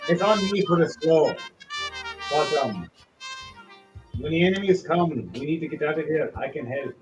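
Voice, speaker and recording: A man's voice: fairly high pitch, lively intonation, moderate pace, over music, lightly acted, rough recording. A man voicing a foul-mouthed, irritable male wizard who curses constantly. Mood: grudging. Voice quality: crude, swearing, cranky.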